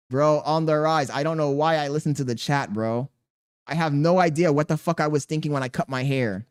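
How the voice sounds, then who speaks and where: A man's voice: a little high, a little fast, clean tone. A man live streaming, reading his chat aloud and bantering back in profane, slangy talk. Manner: slangy and animated.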